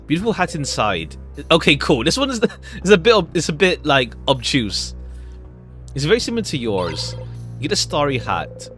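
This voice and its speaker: A man casually commenting on a video game as he plays, rambling with halting filler words. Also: on the high side, very animated, a bit bright, slightly rough. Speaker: let's play gamer. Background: background music.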